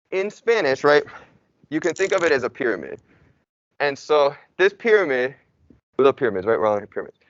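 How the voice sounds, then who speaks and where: A man's voice: fairly high pitch, a bit bright, dry recording, highs cut off. A young man, a native English speaker, teaching Spanish in a casual, chatty classroom lecture full of "like" and "y'all". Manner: chatty, informal, uses y'all and like.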